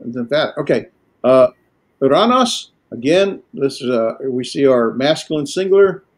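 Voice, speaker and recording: A man teaching a language class, lecturing in a halting way with many filler pauses. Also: medium pitch, lively intonation, a little mellow. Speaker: Greek teacher.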